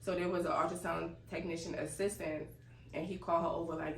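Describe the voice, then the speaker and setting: A young woman telling a casual, animated story and laughing as she goes. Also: on the low side, brisk. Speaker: vlogger. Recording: echoey room, distant mic, faint noise.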